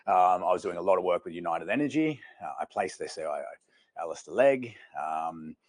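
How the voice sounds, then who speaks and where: A man's voice: sits low, brisk, no room sound. A man running a recruitment sales workshop, telling stories energetically to the room. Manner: energetic storyteller, addresses the room. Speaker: sales trainer. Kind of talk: training workshop talk.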